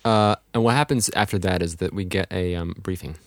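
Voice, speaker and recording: A man in a casual movie commentary chat, relaxed, throwing in joking asides. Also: low voice, brisk, dry recording.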